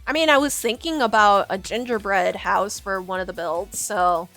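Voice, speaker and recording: A woman's voice: medium pitch, moderate pace, a bit bright, soft background music. A young adult woman streamer chatting casually to her viewers, giggly and rambling, often restarting her sentences. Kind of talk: casual livestream chat with chat.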